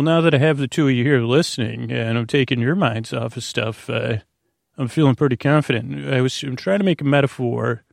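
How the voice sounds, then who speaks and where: A man's voice: medium pitch, creaky, no echo, studio quality. A man hosting a podcast, rambling through a meandering bedtime monologue full of filler words and restarts, joking with an imaginary listener. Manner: silly, speaking to an imaginary listener. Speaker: podcast host.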